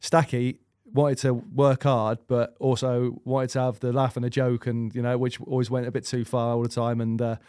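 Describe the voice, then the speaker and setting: A man's voice: mid-range voice, little pitch movement, normal speed, hardly any pauses, warm tone, smooth, dry recording, clean studio sound. A man in his thirties, a podcast guest, chatting casually and rambling through swear-laced anecdotes with lots of restarts. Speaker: guest goalkeeper. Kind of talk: casual storytelling chat.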